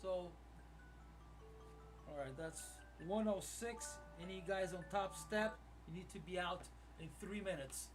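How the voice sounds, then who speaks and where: A man's voice: high voice, unhurried, recorded from a distance, music in the background. A man who runs a live trading room, commenting on his trades as he streams and thinking aloud to his viewers.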